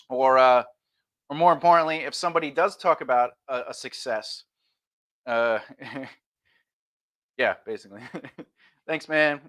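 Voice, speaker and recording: A man's voice: medium pitch, measured pace, long pauses, a bit bright. A man streaming a casual lesson on conversation skills, talking loosely and acting out example replies.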